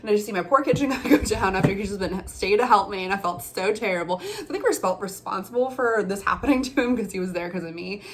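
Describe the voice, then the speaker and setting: A woman's voice: mid-range voice, quick pace, hardly any pauses, a little hiss or hum. A young woman telling a personal story in a casual vlog, chatty with lots of fillers and restarts. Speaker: storyteller, former bartender.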